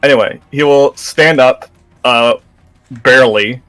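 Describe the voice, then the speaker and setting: A man's voice: mid-range voice, unhurried, a bit bright, no room sound, soft background music. A man playing in a tabletop game, with a mid-range voice recorded close and dry. He rambles and hesitates, starting sentences over as he works out his turn. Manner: rambling, hesitant, full of "uh" and restarts. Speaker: player. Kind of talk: casual tabletop game chat.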